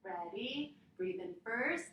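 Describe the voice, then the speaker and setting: A woman teaching yoga to children, reading a story aloud in a gentle, encouraging way and roaring and meowing with them. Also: fairly high pitch, lively intonation, slow, distant mic. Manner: gentle, encouraging, playful animal sounds. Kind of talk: storytime with kids' yoga instruction. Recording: echoey room.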